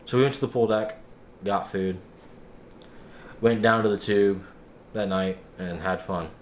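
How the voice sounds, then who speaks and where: A young man casually vlogging, recounting a frustrating experience in an exasperated, animated way and acting out other people's lines. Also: on the low side, unhurried, a little hiss or hum. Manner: exasperated, animated storytelling with quoted dialogue. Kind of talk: casual vlog recap.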